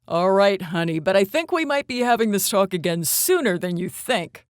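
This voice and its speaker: A woman's voice: mid-range voice, expressive, normal speed, no echo, studio quality, natural voice. A woman voicing a fond, teasing father in an amused tone for a storybook.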